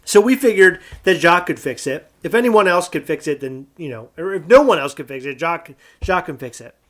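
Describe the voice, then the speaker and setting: A high-pitched man telling a story on a podcast. He chats casually and bursts into loud, animated re-enactments of what people said. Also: a little fast. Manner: animated, acts out quotes loudly. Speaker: podcast co-host.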